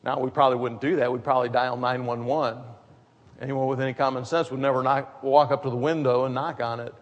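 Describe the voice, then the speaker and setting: A man's voice: mid-range voice, flat delivery, fast talker, lo-fi sound. A man preaching a sermon as pastor, talking in a conversational way and wandering into humorous asides. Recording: long hall reverb.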